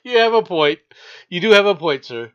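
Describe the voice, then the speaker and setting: A man's voice: sits high, lively intonation, moderate pace, a bit bright, clean tone. A man hosting a casual news review podcast, reading stories with joking asides. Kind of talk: casual comic news chat. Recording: dull lo-fi sound.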